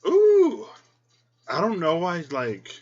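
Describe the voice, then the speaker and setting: A man chatting casually in a vlog as a tarot reader, openly emotional and choked up, breaking into high squealed quotes of his own reactions. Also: wildly swooping pitch, slow pace, a little mellow, husky, muffled recording.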